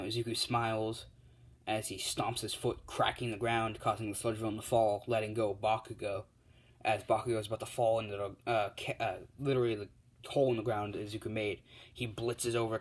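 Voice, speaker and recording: A man's voice: on the low side, low-quality recording. A man telling an improvised fan story in a casual, rambling way with many fillers.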